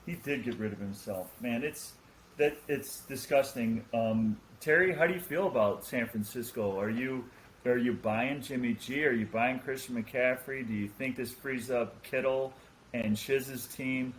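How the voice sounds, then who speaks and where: Male host, casual banter, playful and teasing, average pitch. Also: a little slow, slight background noise, poor audio. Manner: playful, jokey delivery. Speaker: podcast host. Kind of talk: casual chat.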